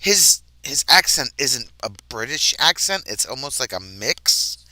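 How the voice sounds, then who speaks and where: Easygoing American man with a bright voice. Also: medium pitch, very animated, measured pace, no room sound. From United States, mid-Atlantic region. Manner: easygoing, rambling, laughs often. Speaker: host. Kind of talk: casual chat.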